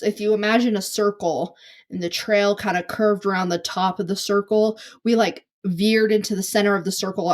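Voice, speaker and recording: A young woman hosting a podcast, telling a long embarrassing story in a rambling, self-deprecating way full of fillers. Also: mid-range voice. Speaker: podcast host. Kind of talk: casual storytelling monologue.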